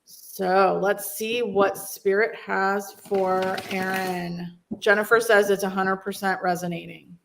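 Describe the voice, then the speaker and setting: A woman's voice: mid-range voice, little pitch movement, takes it slowly, gravelly, a little hiss or hum. A woman giving an intuitive card reading on a live stream, effusive and emotional, with frequent exclamations.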